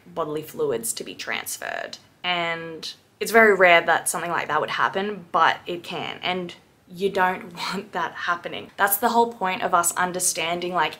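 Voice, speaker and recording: A woman's voice: on the low side, fairly bright tone. A woman who works as a piercer, giving a blunt, indignant reaction rant and swearing freely. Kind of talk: ranting reaction commentary.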